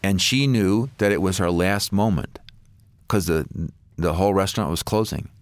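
A man's voice: moderate pace, dry recording, clean studio sound. A middle-aged man, a guest author, telling a story with acted-out dialogue in a Christian talk show interview. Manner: animated storyteller, acts out dialogue with big pitch swings.

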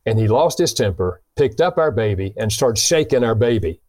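A man's voice: on the low side, moderate pace, dry recording. A man, a guest author, explaining his ideas on marriage and acting out the lines of people in his stories. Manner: animated storyteller who acts out quoted dialogue; explains with illustrations, earnest. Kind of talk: conversational teaching.

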